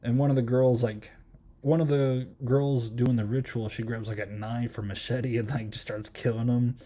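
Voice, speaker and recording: A man's voice: medium pitch, steady tone, moderate pace, warm tone. A man hosting a podcast, chatting casually through a horror film review and rambling with many ums and likes. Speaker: podcast host.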